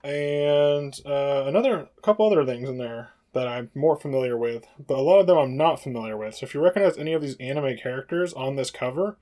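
A man at an everyday middle pitch gives a relaxed tour of his game collection. He rambles along, pausing on fillers and correcting himself as he goes. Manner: rambling, hesitant with many fillers. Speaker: retro game collector and channel host. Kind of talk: casual video tour.

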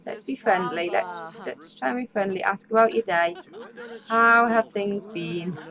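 With a crowd audible behind her, a medium-pitched woman speaks a little slowly while hosting a let's play. She offers relaxed, talkative commentary and addresses the characters, recorded in slightly muffled lo-fi quality.

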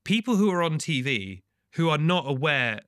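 A man co-hosting a casual chat podcast, playful and quick to act out moments. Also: a little high, dry recording, studio quality. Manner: playful, animated, mimics others in bursts. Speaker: podcast co-host.

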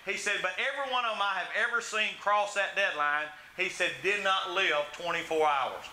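High, bright preacher. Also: male voice, normal speed, poor audio. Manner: storytelling preacher, acts out quoted voices with big swings. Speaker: pastor. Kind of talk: sermon.

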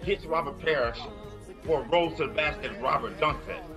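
A man who once played the game tells an animated story from his career, getting louder as it builds. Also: fairly high pitch, brisk, music in the background, poor audio. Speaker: former player telling a story.

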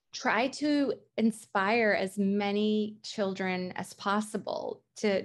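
Earnest woman pilot, thoughtful. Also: mid-range voice. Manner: earnest, thoughtful, halting restarts. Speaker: pilot guest. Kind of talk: interview answers.

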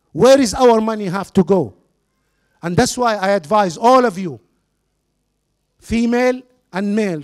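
High-voiced man giving an earnest charity speech. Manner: sprinkles religious phrases, earnest and persuasive; non-native English grammar. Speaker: speaker at a charity fundraiser. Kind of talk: public speech with storytelling.

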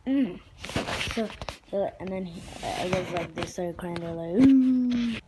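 Halting slow-talking woman vlogger. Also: on the low side, background noise. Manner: halting, many fillers and restarts. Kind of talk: rambling personal vlog.

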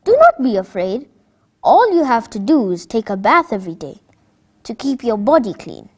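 A woman voicing a patient doctor who slowly explains hygiene to children in a storybook. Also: fairly high pitch, sing-song. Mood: instructive. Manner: slow, instructive. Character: patient, kind doctor giving advice.

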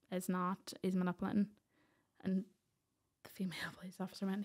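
A woman's voice: lowish voice, level tone, a little fast, a little mellow, breathy edge. A woman, a podcast guest earnestly recounting a personal story and acting out what others said.

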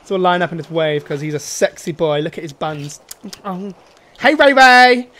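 A young man streaming a co-op game with friends, excitable and quick to yelp and laugh when things go wrong. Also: a little high. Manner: excitable, yelps and laughs in panic. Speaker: gameplay streamer. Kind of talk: co-op gameplay commentary.

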